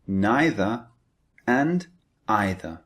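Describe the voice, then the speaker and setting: A man's voice: lowish voice, lively intonation, drawn-out words, a bit bright. A man teaching an English grammar lesson, who repeats key points and stresses the target words. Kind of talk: slow, deliberate grammar lecture.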